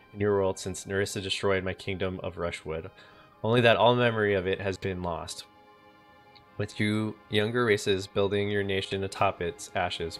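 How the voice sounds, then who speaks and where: A man voicing a bitter, ancient male elven ghost king, in a low voice with brooding lines. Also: fairly bright tone.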